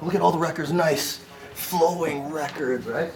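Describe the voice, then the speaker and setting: A man casually showing viewers around a shop, chatty and quick to laugh. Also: a little high, a crowd in the background. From Canada. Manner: chatty, laughs often, uses "check this out". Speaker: vlog host touring a shop. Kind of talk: casual walkthrough chat.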